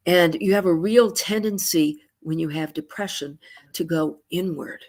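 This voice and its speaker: Woman therapist, lower register, lively explainer who performs her examples, video-call audio. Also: measured pace. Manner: animated, acts out clients' inner voices with sighs. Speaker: psychotherapist. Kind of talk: conversational explanation with acted-out examples.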